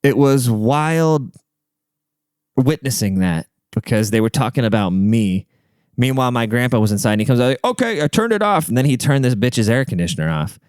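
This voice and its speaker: A man's voice: medium pitch, moderate pace, a little mellow, smooth, no room sound, clean studio sound. A young man hosting a podcast, telling stories in a rambling, profane, conversational way. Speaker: podcast host. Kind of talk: casual storytelling monologue.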